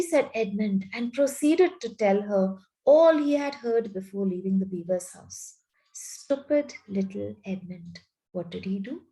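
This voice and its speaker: A woman English teacher reading a story aloud and explaining it in a slow, explanatory way. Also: medium pitch, gravelly, warm tone, low-quality recording.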